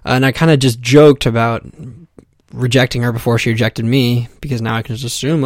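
A man's voice: mid-range voice, fairly even intonation, fairly quick, dry recording, clean studio sound. A young man telling a comic personal story in a casual, profane, self-mocking way, full of fillers. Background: music.

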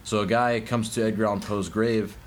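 A man's voice: fairly low pitch, little pitch movement, brisk, a little hiss or hum. A young man co-hosting a loose, comedic podcast chat, rambling goofily and sometimes breaking into silly songs. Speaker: podcast co-host.

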